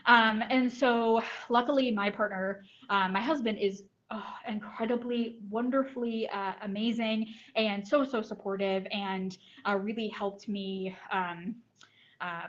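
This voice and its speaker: A woman telling her personal story at a talk, earnest, with many ums and likes. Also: medium pitch. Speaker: guest speaker. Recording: dull lo-fi recording.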